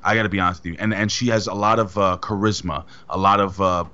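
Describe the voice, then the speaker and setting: A man's voice: deep voice, steady tone, fast talker, bright, forceful tone. Man, podcast co-host, blunt and emphatic, rambles, lo-fi dull sound. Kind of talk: casual chat.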